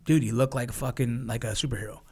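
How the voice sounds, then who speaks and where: A man from Los Angeles, a former Army Ranger guest, telling war stories in a profane, animated way. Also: mid-range voice, quick pace, breathy edge. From Los Angeles, USA. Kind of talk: casual storytelling interview.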